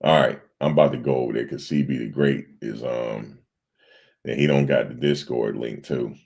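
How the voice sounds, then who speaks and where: A man with a very deep, gravelly voice hosts a casual livestream. He rambles loosely and answers his viewers in the chat as he goes. His tone is husky and worn. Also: moderate pace, darkish tone. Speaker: livestream host.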